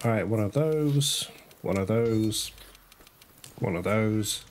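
A man's voice: on the low side, expressive, takes it slowly, a little hiss or hum. A man giving casual, chatty commentary on his own gameplay, talking straight to viewers and swearing now and then. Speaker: gamer playing through a game.

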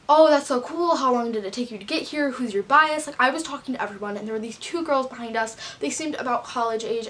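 Teen girl vlogging a storytime, kinda high voice, says like a ton, all gushy. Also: fairly bright tone. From United States. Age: teens. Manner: gushing, filler-heavy, with many "like"s. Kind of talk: casual storytime vlog.

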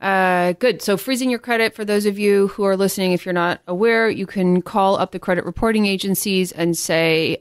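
A woman's voice: lowish voice, fairly even intonation, normal speed, few pauses, clear, resonant tone, dry recording. A woman hosting a finance podcast interview, explaining terms to listeners and asking her guest direct questions. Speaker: podcast host.

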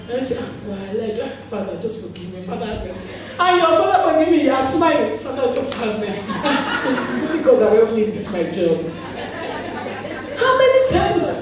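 A woman pastor with a Nigerian accent preaching a sermon, telling stories with animated laughter. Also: on the high side, slight background noise. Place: church hall. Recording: echoey hall, voice from far off.

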